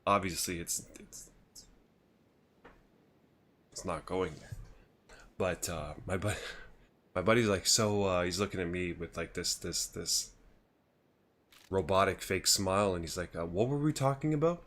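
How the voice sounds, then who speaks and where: A man's voice: sits low, fairly even intonation, measured pace, pauses often, fairly bright tone. A man in his thirties casually telling a rambling story on a gaming livestream, laughing and restarting often. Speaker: streamer.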